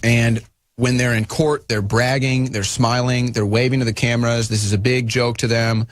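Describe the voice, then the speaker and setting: A man's voice: mid-range voice, flat delivery, moderate pace, no room sound. A man hosting a talk radio show, giving fired-up, indignant commentary.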